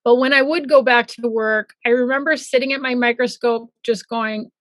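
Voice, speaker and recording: Animated middle-aged woman telling her story. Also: fairly high pitch, moderate pace, hardly any pauses, no room sound. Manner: animated, acts out her own past thoughts in quoted voices. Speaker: guest, former pathologist turned coach. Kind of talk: casual interview storytelling.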